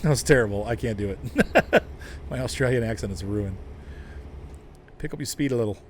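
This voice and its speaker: A man's voice: mid-range voice, a little fast, a little mellow, a little hiss or hum. A man casually chatting with viewers while driving in a truck game, rambling and laughing often. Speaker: game streamer.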